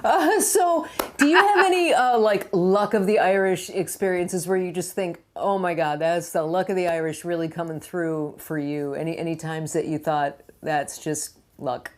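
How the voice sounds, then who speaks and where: A woman's voice: lowish voice, moderate pace, a little mellow. Laughing woman interview host. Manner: friendly, laughing, encouraging. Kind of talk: casual interview chat.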